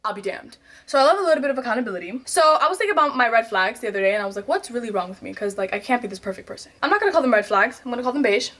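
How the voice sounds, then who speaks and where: A woman, telling candid stories about herself in a vlog, swinging between loud outbursts and quiet asides. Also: on the high side, expressive, very fast, few pauses. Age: 20s. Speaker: vlogger.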